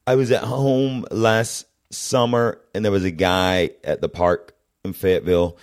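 A middle-aged man from the American South chatting casually on a comedy podcast, an animated storyteller who acts out the people in his anecdotes. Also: low voice, unhurried. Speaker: podcast guest.

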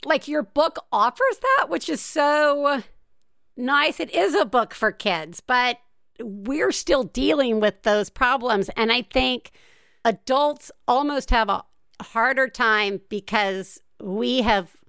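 A woman's voice: on the high side, animated, takes it slowly, a bit bright, clear, resonant tone, no echo. A woman hosting a podcast, chatting casually with an enthusiastic, giggly manner on a close mic. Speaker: podcast host.

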